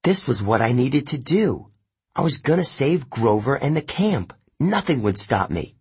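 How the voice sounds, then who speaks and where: Man, audiobook narrator, first person, husky rough voice, slow and measured. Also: mid-range voice, very animated, darkish tone.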